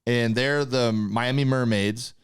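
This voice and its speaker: A man's voice: medium pitch, fairly even intonation, slow pace, a crowd in the background. A male podcast co-host telling rambling, playful stories in casual comedy banter.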